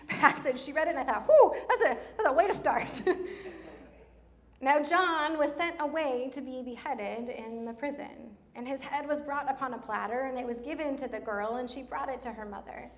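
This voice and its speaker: A middle-aged woman preaching a sermon in church, telling stories in an animated way, slowing down for emphasis. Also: fairly high pitch. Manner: animated storytelling with laughs and slowed emphasis. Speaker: pastor.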